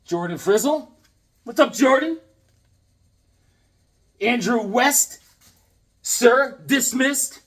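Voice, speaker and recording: A man hosting a casual unboxing vlog, talking in an excitable, goofy, joking way. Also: very high-pitched, very slow, pauses often. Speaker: comics vlogger unboxing a package.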